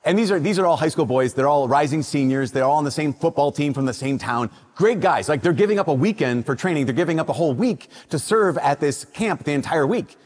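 A man with a husky, slightly raised voice preaches from the front of a church. His words ring out with a long echo through the hall. He is a priest from Minnesota, moving from a solemn Gospel reading into casual storytelling with lively asides. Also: on the high side, a little fast, few pauses. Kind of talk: Sunday Mass gospel reading and homily.

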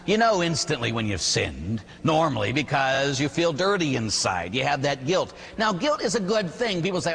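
Animated husky-voiced priest preaching. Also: male voice, on the high side, normal speed, few pauses, in a large hall. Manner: animated, storytelling preacher with rhetorical questions. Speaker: Catholic priest. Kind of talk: sermon.

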